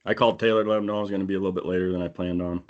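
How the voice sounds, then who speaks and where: Podcast guy with a lowish voice spinning a story, animated, does little voices for people he quotes. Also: very fast, highs cut off. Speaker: podcast co-host. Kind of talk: casual storytelling. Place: indoor podcast studio.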